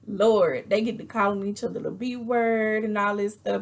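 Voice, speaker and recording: Husky, chatty woman. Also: mid-range voice, moderate pace, hardly any pauses. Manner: chatty and animated, acting out quotes with exasperated asides. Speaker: reality TV reviewer. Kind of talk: casual chat, recapping an episode.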